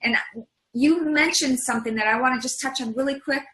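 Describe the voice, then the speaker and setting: A woman hosts an online training with a bright, forceful voice set a little high, answering people in an encouraging, upbeat way. Her voice carries a roomy echo on the call. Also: a little fast. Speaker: host.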